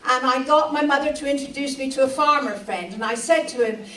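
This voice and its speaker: A woman's voice: high voice, fairly quick, pushed and bright. A woman from Cornwall with a Cornish accent, chatting and laughing as she tells folk anecdotes to a live audience. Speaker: storyteller. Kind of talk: live storytelling. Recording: echoey room, voice from far off, archive footage.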